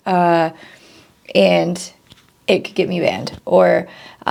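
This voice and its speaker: A woman's voice: fairly low pitch, vocal fry, a little mellow. A young woman streamer talking candidly to the camera, rambling and swearing casually. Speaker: streamer and content creator.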